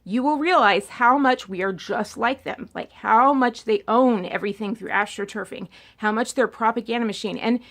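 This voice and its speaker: A young adult woman vlogger talking politics in a rambling, animated monologue that often repeats words. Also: on the high side, moderate pace, hardly any pauses. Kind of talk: casual opinion monologue.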